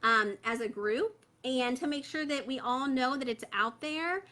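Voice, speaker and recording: Speaking in a high, bright, forceful voice at a measured pace, a woman hosts a livestream for her parent membership group. She chats casually with many fillers, reads viewer comments aloud, and holds her phone close.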